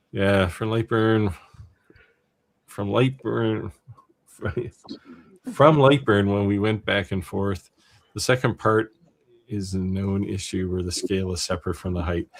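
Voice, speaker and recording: Guy co-hosting a livestream, lowish voice, animated, laughs a lot, goes on explaining stuff. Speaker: livestream co-host. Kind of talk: casual livestream chat.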